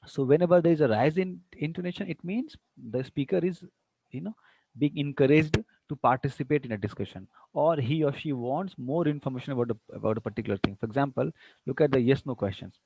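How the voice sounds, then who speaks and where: A man's voice: fairly high pitch, animated, fairly quick, no room sound, muffled recording. A man giving an online lecture, patiently explaining and repeating examples with exaggerated rising and falling tones. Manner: frequent "you know" and "see" fillers. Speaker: university English lecturer.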